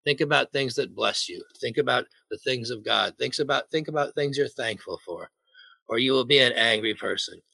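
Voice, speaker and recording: Bright-voiced man preaching with humor. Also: medium pitch, normal speed, creaky, husky, dry recording. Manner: jokey, asks the congregation questions. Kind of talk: sermon.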